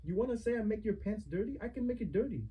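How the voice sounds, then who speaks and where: A man's voice: sits high, lively intonation, quick pace, husky, phone-quality sound. A young man in a heated family argument, confronting his mother with accusing, repetitive rhetorical questions.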